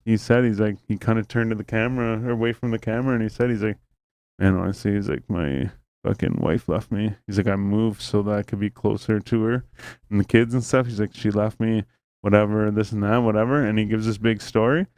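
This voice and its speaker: A man chats on his podcast with a smooth, resonant voice. He tells a rambling story full of swearing and fillers. The sound is dry and close, with no room around it. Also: lowish voice, steady tone, brisk, darkish tone, no room sound. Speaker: podcast host. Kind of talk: casual podcast chat.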